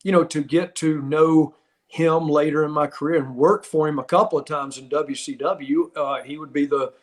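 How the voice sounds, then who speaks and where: A man's voice: on the high side, normal speed. A man in his fifties, a podcast host and former wrestler, telling stories in casual chat with frequent laughs. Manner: animated storyteller, laughs often.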